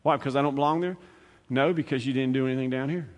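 A man preaches a sermon at a middle pitch, his voice carrying a long reverb from a church hall. He talks to the congregation in a plain, conversational way, repeats words, and swings between loud, quick bursts and quiet, drawn-out lines.

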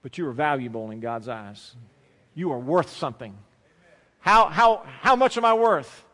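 A man preaches with a notably high voice, repeating phrases for emphasis as he tells a story from the pulpit. His words ring out with a long reverb of a large hall. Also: lively intonation, normal speed, fairly bright tone. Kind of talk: sermon with personal story.

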